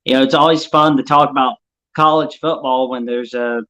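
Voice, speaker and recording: Brief: male guest on a call-in show, mid-pitched, relaxed and filler-heavy. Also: normal speed. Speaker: guest caller. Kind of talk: casual sports chat.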